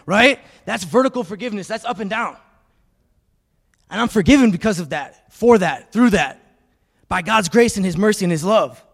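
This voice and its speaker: A high-pitched man preaching a sermon, lively and repetitive, calling for the congregation to answer back. His voice rings through the long reverb of a church sanctuary. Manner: animated preaching with call-and-response and repetition. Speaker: pastor.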